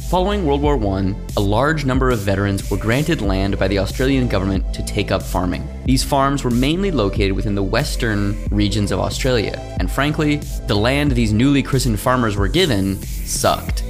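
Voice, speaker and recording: A man's voice: expressive, moderate pace, hardly any pauses, over music. A man hosting a history podcast, reading a script with sarcastic asides and swearing. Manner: sarcastic, swears, jumps to high mocking voices. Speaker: podcast host. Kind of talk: scripted history narration with casual banter.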